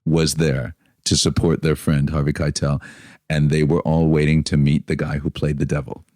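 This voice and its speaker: A man's voice: extremely low pitch, normal speed, dry recording, clean studio sound. An American man, a stage actor, telling anecdotes on a podcast and acting out the quotes of the people in them. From United States. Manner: animated storyteller, acts out quotes with big swings.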